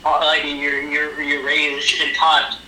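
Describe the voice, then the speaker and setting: A man's voice: on the high side, completely flat delivery, slow pace. A man in a casual chat, bantering playfully. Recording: roomy echo with crowd noise behind.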